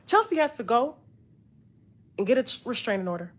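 A woman's voice: fairly high pitch, very animated, fairly quick, slightly rough. A woman hosting a gossip show, talking in heated casual commentary, profane and emphatic, repeating lines for emphasis.

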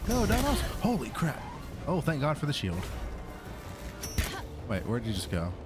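A man's voice: a little high, wildly swooping pitch, unhurried, over music. A man narrating his own gameplay as a gaming YouTuber, exasperated, talking to his creature companion. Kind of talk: Let's Play commentary.

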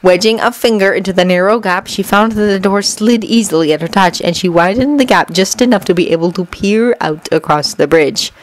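A woman narrating a fanfiction audiobook in an expressive reading voice that swings with the action. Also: medium pitch, a little fast, few pauses, slight background noise, rough recording. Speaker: fanfiction reader.

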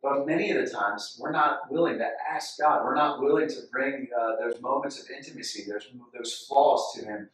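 A man preaching a sermon, impassioned and repetitive, rising loud when he reads scripture aloud. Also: medium pitch, moderate pace, few pauses. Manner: impassioned, repeats phrases, rises loud when reading scripture. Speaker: pastor. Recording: echoey hall, from far off.

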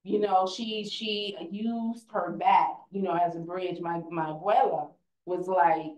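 A woman's voice: fairly low pitch, fairly even intonation, a little slow, a little mellow, reverberant, rough recording. A young woman speaking on a conference panel, earnest and conversational, often restarting her sentences.

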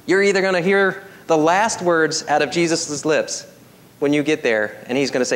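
A man preaching a sermon as pastor, swinging from emphatic high peaks to soft, quiet appeals. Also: normal speed, long pauses.

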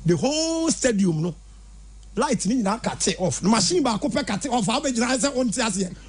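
High animated Ghanaian man. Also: fairly quick, husky. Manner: animated storytelling, switching between English and Twi. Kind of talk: casual radio chat.

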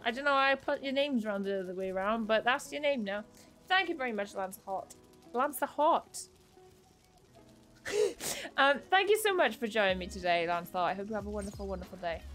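A woman's voice: medium pitch, fairly quick, fairly bright tone, soft background music. A young woman chatting casually while streaming a game, thanking viewers by name and laughing at her own confusion. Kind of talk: casual live-stream chat while playing.

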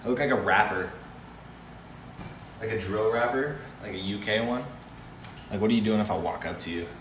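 A man's voice: lowish voice, normal speed, echoey room, recorded from a distance, a little hiss or hum. A young man chatting and joking goofily on a casual live stream from his house. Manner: goofy, joking, excitable.

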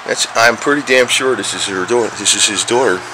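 A man with a fairly low voice rambles casually while filming cats on a handheld camera, chuckling between remarks. When he turns to the cats, his voice goes high and coaxing. The outdoor recording is noisy, with birds and traffic clearly audible behind him. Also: brisk. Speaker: vlogger. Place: outdoors near steps.

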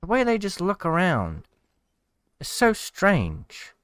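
A man's voice: sits high, wildly swooping pitch, slow, a bit bright, clear, resonant tone, no room sound. A man giving casual commentary over gameplay, cheering at the screen and mocking the players he watches. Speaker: gaming commentator.

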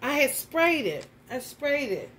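Animated profane woman tarot vlogger. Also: sits high, measured pace, a little hiss or hum. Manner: animated, profane, laughs while telling stories. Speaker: tarot reader. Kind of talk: casual vlog storytelling.

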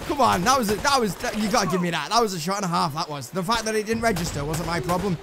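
An English man giving excitable, swearing let's play commentary to himself while he plays, with game music behind him. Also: sits high, quick pace, hardly any pauses, background noise. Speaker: gameplay commentator.

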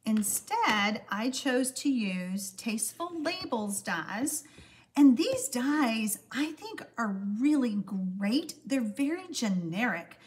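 A woman's voice: a little high, big pitch swings, slow pace, slight background noise. A woman in her sixties hosting a live-stream craft demonstration, chatty and friendly, with lots of "um" fillers. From Texas, USA. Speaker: card-making host.

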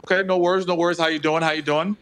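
A man's voice: a little high, fairly even intonation, rapid-fire, a bit bright, close to an everyday voice. A man playing a pushy male police officer on the phone who stammers and insists. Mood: insistent.

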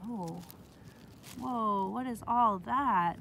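A woman leads a nature lesson for children as she walks a forest trail, asking her viewers curious questions. Her voice sits at a middling pitch. It is recorded outdoors on a handheld phone, with faint forest ambience behind her. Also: a little slow, gravelly, pauses often, a bit bright, a little hiss or hum. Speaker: teacher.

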